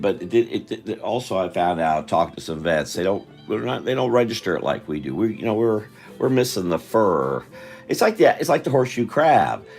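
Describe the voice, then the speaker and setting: A man's voice: deep voice, gravelly, a little mellow. An older man chatting on a live stream while he draws, rambling and interrupting himself, tired. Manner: meandering, self-interrupting, chatty.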